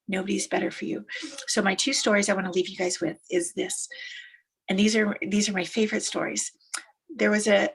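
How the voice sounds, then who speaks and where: Woman, motivational speaker, husky voice, emphatic storytelling, repeats lines. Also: mid-range voice. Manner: animated, emphatic, repeats phrases for effect.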